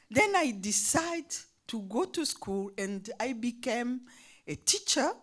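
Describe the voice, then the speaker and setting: An older woman from Burundi, telling her life story in halting English that restarts words and uses nonstandard phrasing. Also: on the high side, very animated. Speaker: guest speaker. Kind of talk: personal testimony.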